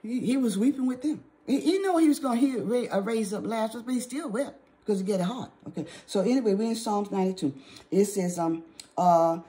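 A woman teaching the Bible in an informal sermon, often checking in with "okay?" and slowing down to read scripture aloud. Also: a little high, mellow. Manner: repeats "okay?" often, exhorting; reads scripture aloud in slower measured pace.

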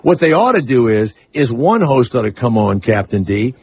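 A man's voice: medium pitch, sing-song, normal speed, darkish tone, breathy edge, no echo. A man hosting a talk radio show, telling stories in a brash, casual way and swearing freely. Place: radio studio.

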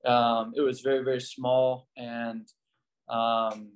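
Slow and medium-pitched, this American pastor, formerly a missionary, relates stories casually while being interviewed. He's an animated teller, voicing the characters' lines in a raised tone.

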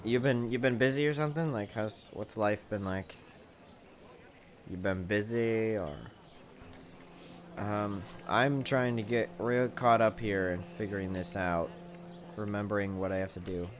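A man streaming his first playthrough of a video game, chatting casually, reading viewer messages aloud and thinking out loud with plenty of fillers. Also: lowish voice, unhurried. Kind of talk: casual gameplay commentary.

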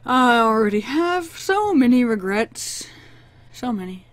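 A woman's voice: a little high, big pitch swings, measured pace, no room sound. A woman doing horror game commentary into a desk microphone, sarcastic and talking back to the characters, then screaming at the jump scares. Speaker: gaming channel host.

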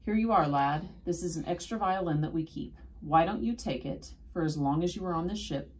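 A woman's voice: fairly low pitch, brisk, lightly acted. A woman reading a storybook aloud, voicing an enthusiastic, kindly male music teacher who chirps with eager encouragement.

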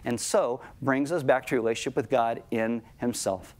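A middle-aged man preaching a sermon to his congregation in a conversational tone, slowing right down on key lines. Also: mid-range voice. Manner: conversational preaching, slows down for emphasis. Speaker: pastor.

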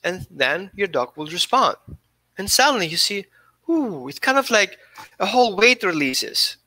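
A man's voice: high voice, big pitch swings, moderate pace, pushed and bright, no room sound. A man who is a dog behaviorist, giving an earnest, coaching talk during a live Q&A and often repeating himself.

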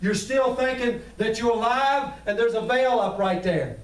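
A man with a very high voice preaches a fervent sermon and calls straight out to his congregation. The sound is roomy and echoey, picked up from a distance in a church. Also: moderate pace. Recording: echoey room, mic at a distance.

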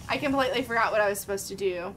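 A woman's voice: medium pitch, very fast, fairly bright tone, slight background noise. A young woman streaming a game live, thinking aloud in a chatty way and greeting her viewers by name. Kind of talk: live gameplay chat with viewers.

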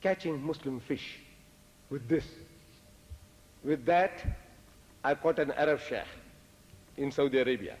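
An older man giving a religious lecture, telling lively, humorous stories and dropping Arabic phrases. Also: medium pitch, a little slow, long pauses. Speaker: Islamic lecturer. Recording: echoey lecture hall.

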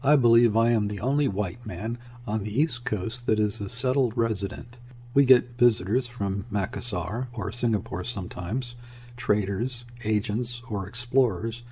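A man voicing a weary middle-aged trader who rambles on excitably to his guests. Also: lowish voice, a little hiss or hum, lightly acted. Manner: garrulous, excitable, jumping between topics.

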